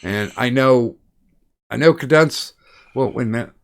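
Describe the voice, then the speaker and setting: A man's voice: mid-range voice, normal speed, creaky. A man hosting a livestream in casual chat, rambling and repeating words as he starts his sentences, over an online voice chat. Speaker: livestream host.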